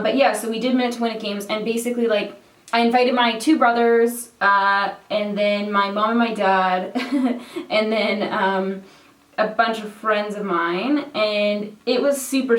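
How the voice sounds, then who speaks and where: A woman's voice: medium pitch, a bit bright, far from the mic. A young Canadian woman in her twenties chatting casually while doing her makeup, full of filler words and casual swearing. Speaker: beauty vlogger. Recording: roomy sound, mic set back.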